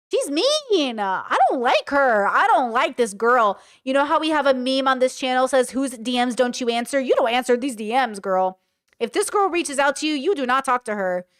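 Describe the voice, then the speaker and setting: During a reaction stream, a woman gives casual commentary, reading messages aloud and answering with blunt remarks. Her slightly high voice is smooth and clear, recorded close on a dry mic with no echo.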